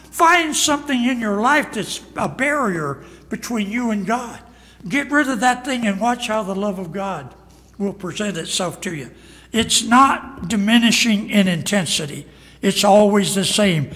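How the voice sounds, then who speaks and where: A man's voice: high-pitched, expressive, a little slow, sharp tone, long reverb tail. A man preaching a sermon as pastor, emphatic and acting out quoted lines. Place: church sanctuary.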